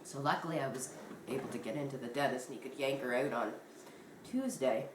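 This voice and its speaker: A woman's voice: low voice, distant mic. A woman vlogger, congested and sniffling, chatting casually to camera and rambling as her voice trails off. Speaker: crochet vlogger. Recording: echoey room, faint noise.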